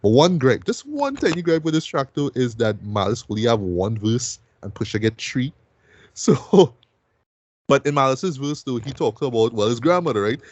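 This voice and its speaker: A man's voice: mid-range voice, animated, moderate pace, no room sound, lo-fi sound. A man hosting a music review show, talking loosely and casually and ending most sentences with "right?".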